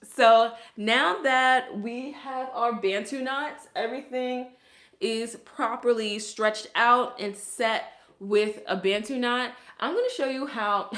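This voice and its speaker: A chatty young hairstylist who works with curly hair, from Brooklyn, New York, walks through a hair tutorial in her Brooklyn accent, peppering it with "like"s and laughs. Her mid-range voice has a fairly bright tone, and the space is reverberant.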